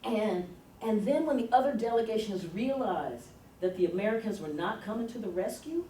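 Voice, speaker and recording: A woman lecturing on history in a lively storytelling way, laughing often along the way. She is picked up from a distance in an echoey hall, with a faint hum underneath. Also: medium pitch, moderate pace. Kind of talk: university lecture. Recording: roomy, distant lecture recording.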